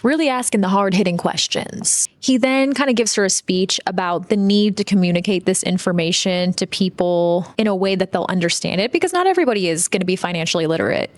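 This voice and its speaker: A woman's voice: mid-range voice, expressive, brisk, no echo. A young woman hosting a casual film recap, chatty and full of sarcastic asides. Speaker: video host.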